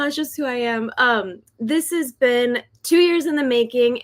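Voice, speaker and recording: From her home in South Korea, a young adult woman who hosts a decluttering channel and is also an author livestreams casually, chatty, a little nervous, and laughing often. Her voice sits high with a fairly bright tone.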